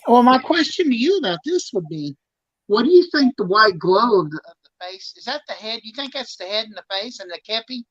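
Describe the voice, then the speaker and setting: Brief: male host, curious, lively delivery, muffled lo-fi phone sound. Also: high voice, fairly quick, no echo. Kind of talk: casual video call interview. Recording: dull lo-fi phone audio.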